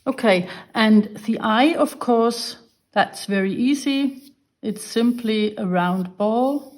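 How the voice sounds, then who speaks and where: A woman's voice: a little high, slow, a little mellow. A woman giving a drawing lesson, patiently explaining each step while she draws. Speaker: art teacher.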